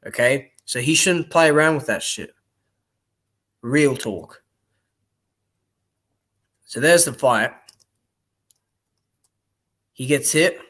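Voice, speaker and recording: Young male streamer, unhurried delivery, rambling and blunt, casual commentary. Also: medium pitch, expressive, fairly bright tone. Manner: blunt, rambling, swears freely. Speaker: boxing streamer.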